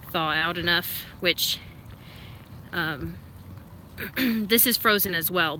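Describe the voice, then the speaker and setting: A woman chats on a live stream in an unhurried, bright, clear voice, laughing often and breaking off to give her excited dog short, firm commands. A faint hiss of background noise sits under her voice. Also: on the low side. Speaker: live-stream host training and feeding her service dog. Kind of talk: casual live-stream chat.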